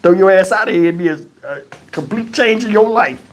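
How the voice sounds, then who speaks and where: A man's voice: high voice, a little fast. A man hosting a live stream, telling a funny story in a casual, profane way and acting out the people in it. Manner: animated, profane, acts out voices. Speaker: channel host.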